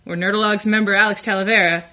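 A woman's voice: medium pitch, steady tone, racing, sharp tone. A young adult woman telling a candid, self-deprecating personal story, often laughing through her lines.

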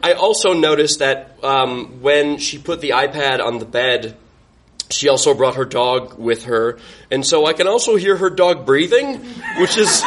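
A man's voice: a little high, a bit bright. A young man on a podcast, wryly telling a self-mocking personal story and laughing through it. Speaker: podcast guest.

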